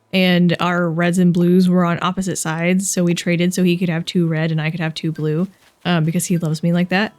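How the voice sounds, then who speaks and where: A young woman talking through a video game in a relaxed, chatty way. She gets excited easily and giggles often as she comments on what she sees. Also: mid-range voice. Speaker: gaming vlogger. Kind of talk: casual gameplay commentary.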